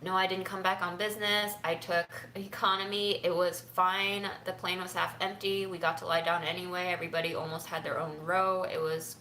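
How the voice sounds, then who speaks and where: A young woman speaking softly and haltingly, close to tears, in a personal livestream from home. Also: lowish voice, flat delivery, a little hiss or hum. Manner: soft, halting and tearful, often near a whisper. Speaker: vlogger. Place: home room. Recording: echoey room with faint ambience.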